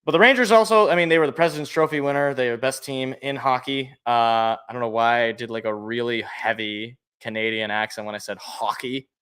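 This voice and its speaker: Man, sports podcast host, casual and joking, mid-pitched, thinks on the fly. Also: fairly quick, few pauses, clear, resonant tone. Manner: animated, jokey, thinks aloud. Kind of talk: casual chat.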